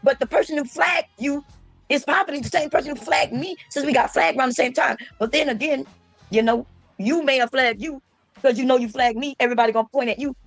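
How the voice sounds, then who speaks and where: A woman streamer talks loud and mocking, laughing as she runs her commentary. Her voice sits high with a gravelly edge. The sound is close and dry. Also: fast, no room sound, soft background music. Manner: loud, mocking, laughs often, mimics others. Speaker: streamer reacting to a panel. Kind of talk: casual livestream commentary.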